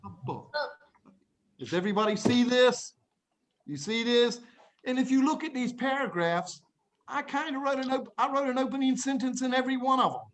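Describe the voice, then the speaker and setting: A man's voice: very high voice, moderate pace. Playful man teaching a classroom writing lesson. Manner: playful, animated, acts out examples in little voices; talks to young students, often hushes the class. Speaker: English teacher.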